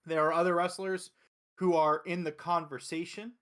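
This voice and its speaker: Excited profane man, slightly high voice. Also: normal speed. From Philadelphia. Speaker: host. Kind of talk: casual wrestling review chat.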